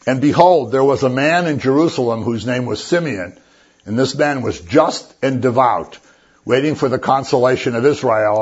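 A man's voice: medium pitch, normal speed, slightly rough. A man preaching a sermon as a pastor, conversational and joking as he retells the story. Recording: dull lo-fi recording.

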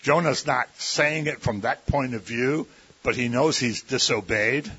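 A man's voice: mid-range voice, measured pace, sharp tone, husky. A man preaching a sermon in a conversational, folksy way, often slipping into mimicked voices. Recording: dull lo-fi recording.

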